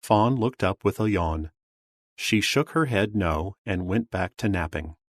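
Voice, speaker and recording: A man reading a children's picture book aloud, slow, clear and expressive. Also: low voice, no echo, clean studio sound. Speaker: storybook reader.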